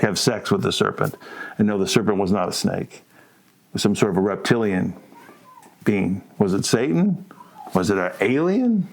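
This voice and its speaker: Animated provocative male podcast co-host. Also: medium pitch. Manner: animated, provocative, rhetorical questions, addresses listeners as folks. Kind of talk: casual opinionated monologue.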